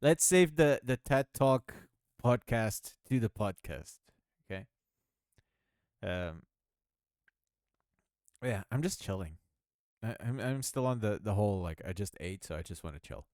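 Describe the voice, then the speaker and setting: A man talks through his game development in a loose, rambling way, often laughing at himself. His voice is smooth and clear, with a pitch that swings around a lot. The recording is close and dry. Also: lively intonation, takes it slowly, pauses often, no echo. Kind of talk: casual rambling devlog commentary.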